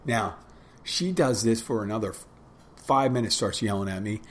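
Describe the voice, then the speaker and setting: A man in his twenties with a fairly low voice recounts a personal story in a loose, casual way. He stops and restarts often, slipping into quoted back-and-forth as he goes. A faint background noise sits under the recording. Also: moderate pace. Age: 20s. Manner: rambling, self-interrupting storytelling with quoted dialogue.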